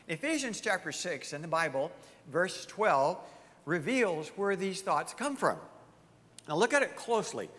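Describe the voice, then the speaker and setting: A man's voice: fairly high pitch, very animated, unhurried, fairly bright tone, in a large hall. A male pastor preaching a sermon emphatically, firing off rhetorical questions to his congregation.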